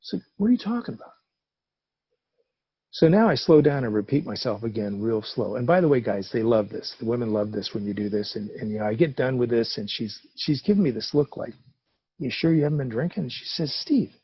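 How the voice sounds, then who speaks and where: A middle-aged man speaking at a recovery meeting, telling a personal story in an animated, conversational way and acting out the dialogue. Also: mid-range voice, fairly quick, husky, no room sound, dull audio.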